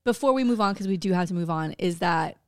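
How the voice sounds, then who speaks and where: A woman's voice: lowish voice, animated, fast talker, smooth, dry recording, clean studio sound. A woman co-hosting a podcast, ranting about local politics in casual chat, heated and profane. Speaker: podcast co-host.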